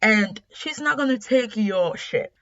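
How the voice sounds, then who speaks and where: A woman casually recapping a comic story as a reviewer, retelling it in an animated, emphatic way. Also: mid-range voice, a little slow, lo-fi sound. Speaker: webtoon reviewer.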